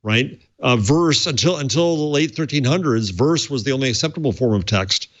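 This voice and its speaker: A man co-hosting a podcast in casual chat, talking in rapid bursts with repeated words and restarts. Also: mid-range voice, lively intonation, lo-fi sound. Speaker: podcast co-host.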